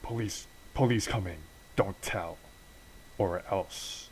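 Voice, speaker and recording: Wounded escaped convict, voiced by a man, breathless, quiet, threatening. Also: deep voice, takes it slowly, a little hiss or hum. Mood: desperate.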